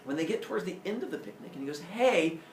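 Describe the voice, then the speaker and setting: A male teacher telling myths to his class in a jokey, animated way, acting out the characters. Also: on the high side, racing, a little hiss or hum. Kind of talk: storytelling lesson. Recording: roomy classroom audio from far off.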